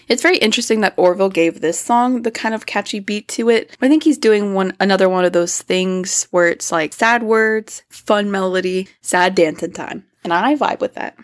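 A woman hosting a casual music review podcast, chatty, now and then singing short bits of melody. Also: mid-range voice. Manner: chatty, sings and hums snippets of lyrics. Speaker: podcast host.

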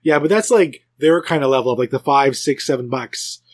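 A man hosting a podcast, telling rambling stories in a casual, animated chat with many restarts. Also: mid-range voice, a little fast. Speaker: podcast host.

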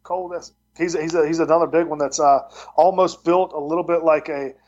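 Rambling college football coach, lo-fi. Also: male voice, on the high side, steady tone, a little fast, darkish tone. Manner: rambling storyteller with many restarts. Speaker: football tight end coach and recruiting coordinator. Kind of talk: casual podcast interview.

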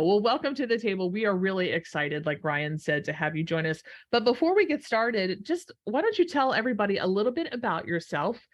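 A woman hosting a food podcast, chatting casually and playfully. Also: mid-range voice. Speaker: podcast host. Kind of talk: casual chat.

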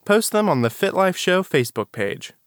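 Male host, playful and teasing, lively up-and-down delivery. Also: high-pitched, normal speed, dry recording, clean studio sound. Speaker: show host. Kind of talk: casual chat and outro sign-off.

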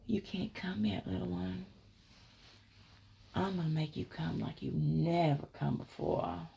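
A woman voicing a domineering adult male cowboy lover in a low, teasing, commanding murmur. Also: steady tone, moderate pace, gravelly, darkish tone, lo-fi sound.

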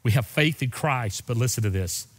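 An older male pastor with a drawl preaches in a church sanctuary, his voice trailing off into a long hall reverb. He tells stories from the pulpit with feeling, his pitch swinging up and falling low as he goes. His voice sits in a middle register. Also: lively intonation, normal speed. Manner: heartfelt, emotional storytelling with sudden rises and drops in pitch. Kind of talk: sermon with personal storytelling.

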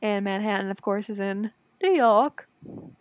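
Young woman, Midwestern accent, podcast co-host, giggly, animated, dry close sound. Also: mid-range voice, normal speed, dry recording. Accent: Midwestern American. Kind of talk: casual chat.

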